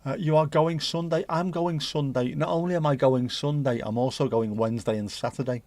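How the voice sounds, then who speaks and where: A man's voice: fairly high pitch, fairly even intonation, a little fast, darkish tone, dry recording. Sweary man chatting on a livestream. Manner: rambling, jokey and sweary, full of British slang. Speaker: livestream host. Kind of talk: casual livestream chat, reading out viewer messages.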